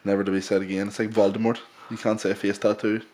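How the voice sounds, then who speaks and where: A Northern Irish man chats on a podcast with a somewhat low voice. He rambles in a laid-back way and pokes fun at himself. His delivery stays loose and conversational. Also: flat delivery, quick pace, a little mellow, a little hiss or hum. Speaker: podcast co-host. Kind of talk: casual chat.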